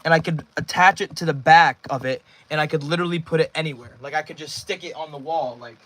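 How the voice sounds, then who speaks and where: Chatty nineteen-year-old guy, slightly high voice. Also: quick pace. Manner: rambling, thanks viewers warmly by name. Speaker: livestreamer reading chat. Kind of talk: casual livestream chat.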